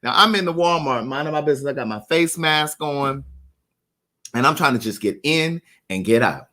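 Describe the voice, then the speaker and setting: Bright-voiced man telling a story live. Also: on the high side. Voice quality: animated, addresses viewers by name, drawn-out asides. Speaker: livestream host. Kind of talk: casual storytelling to live viewers.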